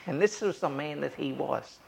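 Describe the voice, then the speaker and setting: Gravelly older Australian man reminiscing. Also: on the high side, normal speed, a crowd in the background. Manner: anecdotal, acts out quoted voices. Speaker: interviewee. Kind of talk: oral history storytelling.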